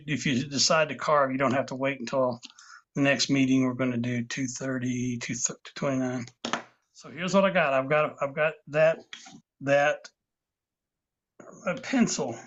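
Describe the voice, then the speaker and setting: A man's voice: mid-range voice, fairly bright tone, a little hiss or hum. A man teaching a woodcarving class online, patiently explaining each step as he works, with small asides to his students. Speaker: woodcarving instructor. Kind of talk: live online class demonstration. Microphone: video call. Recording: dull lo-fi video call audio.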